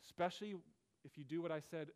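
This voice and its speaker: A man's voice: a little high, quick pace, darkish tone, smooth. A man preaching a sermon as pastor, earnest, with rising and falling emphasis.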